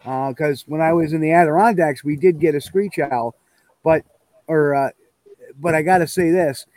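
A man's voice: a little high, moderate pace, a little mellow, dry recording. A man hosting a live outdoor investigation, talking casually and thinking aloud. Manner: talkative, thinks aloud, imitates animal calls. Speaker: field investigator hosting a live audio session. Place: outdoors at night with wind.

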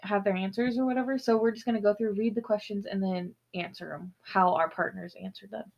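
A woman's voice: medium pitch, fairly even intonation, fairly quick, gravelly, a little mellow, dull audio. A woman in casual chat reading out questionnaire questions with blunt, sassy remarks.

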